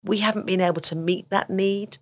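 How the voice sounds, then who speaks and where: A woman's voice: medium pitch, brisk. A middle-aged woman giving conversational advice as an autism specialist, often acting out what children and teachers say. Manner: animated, acts out quoted speech.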